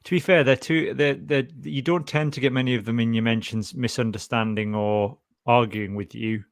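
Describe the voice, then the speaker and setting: A man's voice: medium pitch, steady tone, moderate pace, dry recording, clean studio sound. A Scottish man hosting a podcast in casual, jokey chat, rambling with restarts. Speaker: podcast host.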